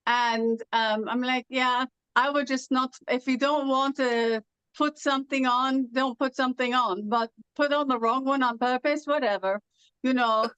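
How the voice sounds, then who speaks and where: A woman's voice: sits high, steady tone, a little slow, fairly bright tone, clean tone, dry recording, highs cut off. A woman from Southern California who speaks with a foreign-sounding accent, giving Irish-like R's in some words, with a sing-song lilt, chatting as a guest and telling stories with plenty of fillers. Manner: chatty storyteller, with frequent fillers. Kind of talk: casual conversation.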